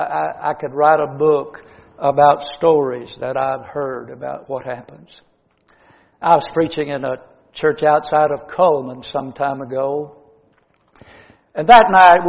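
A middle-aged man preaching a sermon in a church, rising to loud emphasis and dropping to hushed line endings. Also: a little high, vocal fry, in a large hall, muffled recording.

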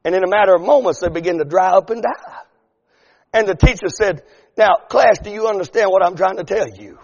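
High-voiced preacher in a reverberant church. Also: male voice, highs cut off. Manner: preaching that builds to shouted, drawn-out lines. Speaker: pastor. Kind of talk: sermon. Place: church sanctuary.

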